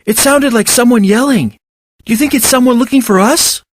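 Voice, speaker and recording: An excited small woodland child asks eager questions, voiced by a man reading aloud. The voice is pitched far above his own and sounds bright with eagerness. This is a storybook reading. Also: brisk, dry recording, clean studio sound.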